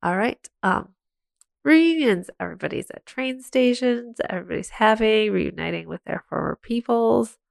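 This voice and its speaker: A woman's voice: mid-range voice, moderate pace, creaky, few pauses, dry recording. A woman co-hosting a podcast, recapping a film with dry, wry remarks in casual chat. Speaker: podcast co-host.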